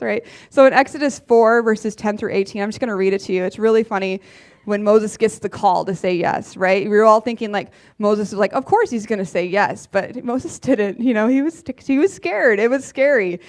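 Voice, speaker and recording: A woman's voice: medium pitch, moderate pace, a little mellow. A woman giving a casual sermon in a church, chatty and often laughing, with many fillers. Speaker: preacher.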